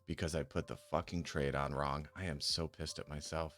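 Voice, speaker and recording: This man has a bass voice with a fairly bright tone, fairly even intonation, and a moderate pace. Chatting casually on stream as he games and checks options trades, he mutters and swears when annoyed, faint music behind.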